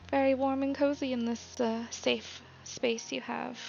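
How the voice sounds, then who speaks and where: A woman narrating as dungeon master of a live-streamed tabletop game, halting and full of ums, in a slightly dull lo-fi recording. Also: sits high, flat delivery, creaky, a little mellow. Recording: slightly dull lo-fi sound with faint noise.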